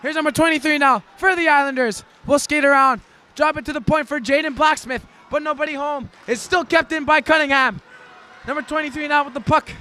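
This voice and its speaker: High, bright-voiced excitable hockey announcer. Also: male voice. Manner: excitable, shouts during rushes, folksy exclamations. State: out of breath. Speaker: play-by-play hockey commentator. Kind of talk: live sports commentary.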